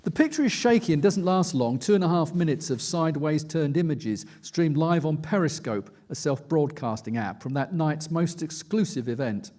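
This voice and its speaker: A man reads aloud from his own book to a conference audience. His voice sits a touch higher than most men's, and his delivery is measured and dry, like a storyteller setting a scene. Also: expressive, dark tone. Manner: measured, dry storytelling read with quoted asides. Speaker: investigative journalist, author. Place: conference stage.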